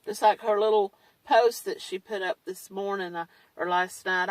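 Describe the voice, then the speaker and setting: A woman's voice: medium pitch, steady tone, moderate pace, few pauses, no echo, distant mic, low-quality recording. A woman talking in a blunt, candid way, with mild swearing, in a casual monologue. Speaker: survivor vlogger. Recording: dry, set back from the mic.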